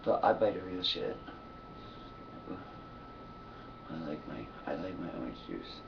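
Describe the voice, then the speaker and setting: A man's voice: deep voice, animated, slow pace, gravelly, pauses often, far from the mic, dull audio, heavy background noise. A man talking to his camera in a loose, profane monologue, sleepy and yawning, laughing often between thoughts. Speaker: vlogger. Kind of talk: casual rambling monologue.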